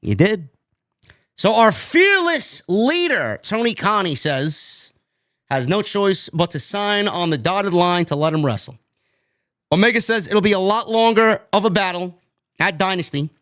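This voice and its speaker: A man's voice: sits high, expressive, normal speed, dry recording, studio quality. A man hosting a wrestling review show, talking bluntly and with exasperation, swearing freely. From New York. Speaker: podcast host. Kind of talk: casual wrestling review chat.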